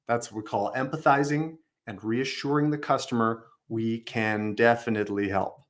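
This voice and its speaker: A man's voice: mid-range voice, moderate pace, hardly any pauses. A man coaching customer service staff, upbeat, acting out sample phone phrases as he comments on recorded calls.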